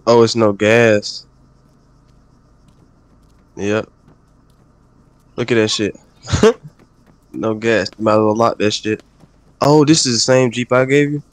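A man's voice: lowish voice, steady tone, takes it slowly, pauses often, no room sound. A man chatting casually while playing a game with a friend, laid-back, swearing constantly and laughing often. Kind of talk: casual profane gaming chat.

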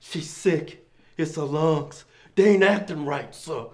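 A man's voice: on the high side, slow, darkish tone, voice pushed down. A man playing a pathetic husband pleading for his sick wife in a comedy sketch, breaking into laughter again and again. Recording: noisy set recording.

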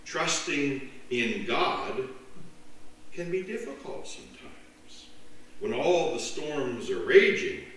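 A man preaching a sermon as pastor, with a slow, dramatic delivery. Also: medium pitch. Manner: slow, dramatic delivery with lively voiced jokes. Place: church sanctuary. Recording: echoey church from far off.

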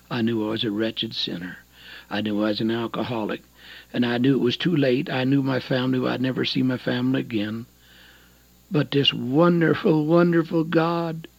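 Husky old man preaching on radio. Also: medium pitch, no echo. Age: 70s. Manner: swings from loud exhortation to hushed near-whisper. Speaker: evangelist. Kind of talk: radio sermon. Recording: dull lo-fi radio broadcast with faint music.

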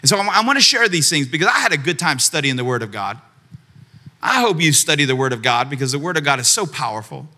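An energetic pastor preaching to his congregation, with a high voice for a man and a very bright, cutting tone. He often calls out to the room and asks people to answer or repeat a word after him. The delivery stays lively and direct throughout. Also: fast. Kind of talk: sermon. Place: church auditorium.

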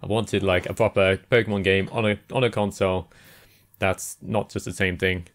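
A man's voice: low-pitched, fairly even intonation, normal speed. A man co-hosting a gaming podcast, talking casually, laughing often and agreeing with his co-host. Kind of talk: casual chat.

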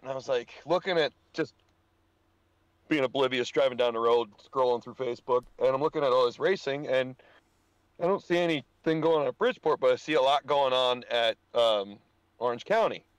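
Brief: young male podcast guest, loose storyteller who swears and laughs, mid-pitched voice. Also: no echo, poor audio. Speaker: podcast guest, dirt track racer. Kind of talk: casual podcast chat.

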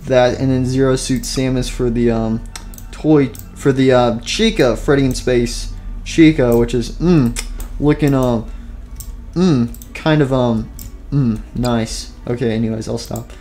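A man's voice: mid-range voice, steady tone, a little slow, warm tone, soft background music. A man giving casual gameplay commentary at his computer, rambling with many fillers and sounding tired and out of breath. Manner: rambling, filler-heavy, self-deprecating. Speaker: gaming YouTuber.

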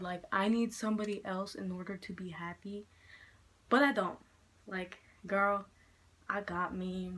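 A young woman vlogging a casual makeup chit-chat at home, frank and foul-mouthed, a little hoarse from being sick. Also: medium pitch. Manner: chatty, frank, swears a lot. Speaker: beauty vlogger. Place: room at home with poor lighting. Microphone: handheld mirror in one hand, camera fixed.

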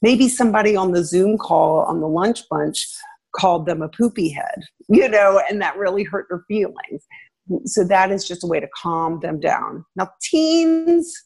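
In an easygoing advice interview, a middle-aged woman who is a former teacher and guest parenting expert talks through tips in a husky, slightly low voice at a moderate pace. She's animated, now and then leaping into a raised voice to act out a parent or child.

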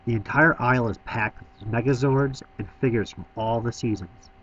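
A man's voice: medium pitch, moderate pace, fairly bright tone, lo-fi sound, slight background noise. A man giving a scripted voice-over tour of a toy store, enthusiastic with wry asides.

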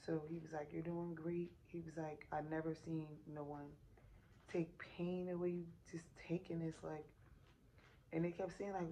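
Woman, 30s, AAVE, family vlogger. Exhausted, animated storyteller, low dark voice, light room noise. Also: moderate pace, poor audio. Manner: animated retelling, acts out quotes, addresses viewers as y'all. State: exhausted and sore after giving birth. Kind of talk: casual storytelling vlog. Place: hospital room.

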